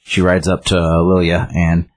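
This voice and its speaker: A man's voice: sits low, completely flat delivery, normal speed. A man casually retelling a book's story in a rambling way, with many restarts and fillers. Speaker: book reviewer.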